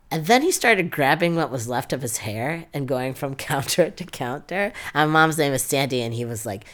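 A man's voice: mid-range voice, normal speed, fairly bright tone. A young adult man with a New York accent, telling a personal story in an interview, full of "like" fillers and quoted dialogue. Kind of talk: oral history interview.

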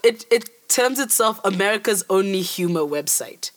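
A woman from Africa co-hosting a casual podcast, chatting and telling stories. She speaks at an even, mid-range pitch. She laughs often as she talks. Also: moderate pace. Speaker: podcast co-host. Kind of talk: casual chat.

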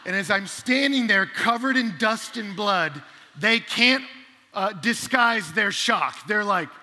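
A man preaching a sermon, telling a personal story animatedly and swinging between loud bursts and hushed asides. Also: sits high, lively intonation, takes it slowly, a little hiss or hum. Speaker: pastor. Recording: long hall reverb.

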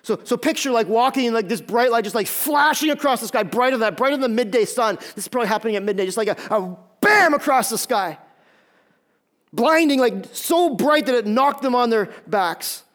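A man's voice: very high-pitched, expressive, fairly quick. A man preaching a sermon as pastor, emphatic, often repeating a word as he starts a phrase.

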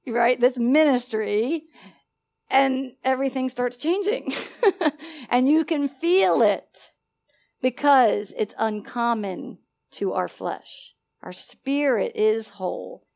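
A woman preaching a sermon with animated energy. She laughs often and prompts her listeners to finish her sentences. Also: high-pitched, gravelly.

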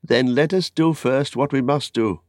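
A noble elf archer speaks in a clear, lofty tone, pitched higher than the reader's usual voice, as a man voices him. It sounds close and dry, like a studio audiobook. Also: a little slow, no room sound, natural voice. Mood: resolute. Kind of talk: audiobook character reading.

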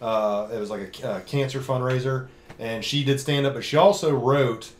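A man's voice: mid-range voice, normal speed, roomy sound. A man hosting a casual comedy podcast, telling rambling, swearing stories. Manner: rambling, animated storyteller, swears. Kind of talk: casual chat, storytelling.

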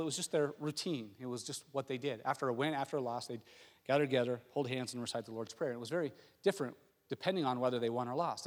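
A male pastor preaching a sermon, telling stories in an animated way that swings from hushed to loud. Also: mid-range voice, big-room sound.

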